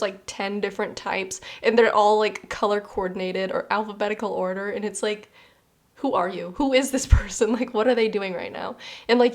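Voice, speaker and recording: A young woman doing a casual pick-a-card tarot reading, chatty and animated, with many fillers and easy laughs. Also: medium pitch. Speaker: tarot reader.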